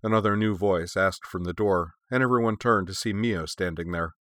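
Deep-voiced man narrating a story. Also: moderate pace, fairly bright tone, no room sound, clean studio sound. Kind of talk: audiobook narration.

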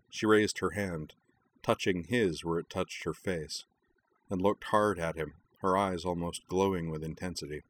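Male narrator with a deep voice, calm and even, reading a story aloud. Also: normal speed, a little hiss or hum.

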